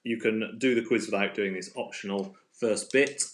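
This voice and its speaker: A man's voice: fairly low pitch, fairly even intonation, moderate pace. A man hosting a casual live-stream quiz from home on a phone, chatty and playful, laughing often. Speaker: quiz host.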